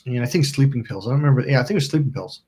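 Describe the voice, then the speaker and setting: A man's voice: medium pitch, expressive, racing, darkish tone. A man hosting a self-help channel, telling a story in a rambling, casual way, acting out quotes and swearing now and then. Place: indoors by a smoking candle.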